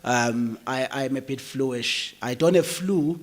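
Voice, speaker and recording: Hoarse south african guy chairing a uni research day, jokey, relaxed. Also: medium pitch, slow pace. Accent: South African English. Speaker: session chair. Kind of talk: chairing an academic conference session. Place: university lecture hall.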